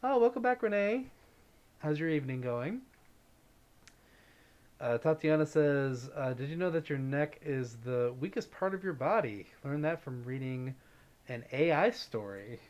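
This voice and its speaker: A man's voice: a little high, animated, unhurried, darkish tone, highs cut off. An upbeat man hosting a casual livestream, chatting easily and reading out viewer comments. He greets viewers by name and keeps the tone light and friendly. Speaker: livestream host.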